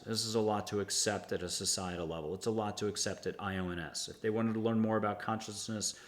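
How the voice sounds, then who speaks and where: Lowish-voiced american guy rambling on about spirit stuff, echoey room over a video call. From United States. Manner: rambling and enthusiastic, guiding listeners through exercises. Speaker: host. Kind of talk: casual spiritual talk.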